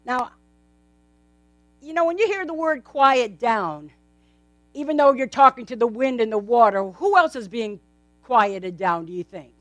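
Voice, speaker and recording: A woman's voice: on the high side, animated, a little slow, pauses often, fairly bright tone, no echo. A woman preaching a sermon in a casual, conversational way, often asking her congregation rhetorical questions. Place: in front of a gathered congregation.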